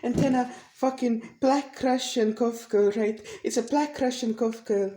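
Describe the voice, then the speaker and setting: Young woman rambling crudely, slightly high. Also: a little slow, dark tone, slight background noise, poor audio. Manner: crude, rambling and repetitive, swears often. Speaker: vlogger. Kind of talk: rambling solo vlog.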